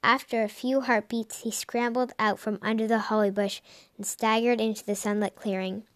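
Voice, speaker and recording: A woman narrating a storybook in a soft, even reading voice, with the odd slip. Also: on the high side, moderate pace. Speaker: audiobook reader.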